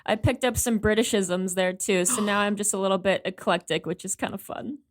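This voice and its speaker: A woman's voice: mid-range voice, a little fast. A woman coach from New England talking in a casual interview, friendly and upbeat. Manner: friendly, upbeat, with fillers and small laughs.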